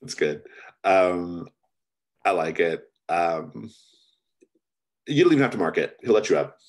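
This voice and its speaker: A man narrating a tabletop mystery game as game master, chatty and relaxed, often restarting his sentences. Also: deep voice, measured pace.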